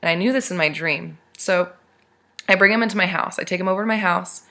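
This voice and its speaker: A young woman vlogger casually retelling a strange dream to her camera, animated and rambling. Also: on the low side, fast talker, gravelly.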